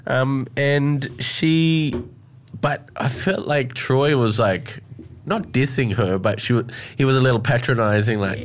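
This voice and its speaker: A man's voice: mid-range voice, a little slow, a little hiss or hum. A man with an Australian accent, co-hosting a casual chat in a laid-back, joking way. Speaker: co-host.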